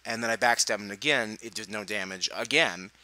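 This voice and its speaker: Bright-voiced man commenting on gameplay. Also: lowish voice, a little fast, rough recording. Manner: chatty and laughing, with playful sarcastic asides.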